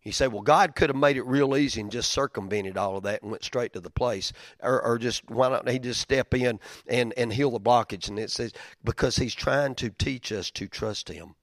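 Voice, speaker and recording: A man preaching a sermon in a conversational, storytelling way, swinging from loud outbursts to near-whispers. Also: moderate pace, hardly any pauses, dry recording, studio quality. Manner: conversational, storytelling with big swings in loudness and pitch. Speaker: pastor.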